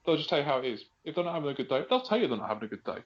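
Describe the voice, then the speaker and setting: A man's voice: a little high, very animated, very fast. An English man co-hosting a podcast, talking bluntly and jokily, mimicking other people's voices. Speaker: podcast co-host. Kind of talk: casual chat. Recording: dull lo-fi podcast audio.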